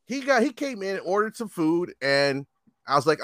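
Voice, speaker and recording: A man in his fifties telling a story in casual chat, animated and profane, often laughing. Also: high-pitched, normal speed, no echo. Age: 50s.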